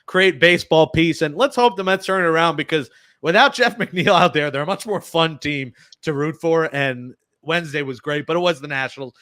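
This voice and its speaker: A man's voice: a little high, sharp tone, dry recording, studio quality. A man hosting a sports podcast, chatting casually and cracking jokes. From New York. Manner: joking, quick banter. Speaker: podcast host.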